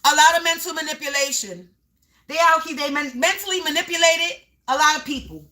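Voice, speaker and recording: A woman gives a spiritual reading to the camera. Her voice sits high and sounds bright and forward. She talks in emphatic, repeating bursts and sometimes yells. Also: brisk. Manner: emphatic, repetitive, breaks into yelling. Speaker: spiritual reader. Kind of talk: live tarot-style energy reading.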